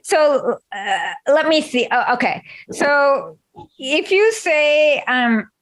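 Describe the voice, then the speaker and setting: A woman's voice: sits high, lively intonation, slow pace. Giggly, eager woman host. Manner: giggly, restarts often, explains eagerly. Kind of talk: casual chat.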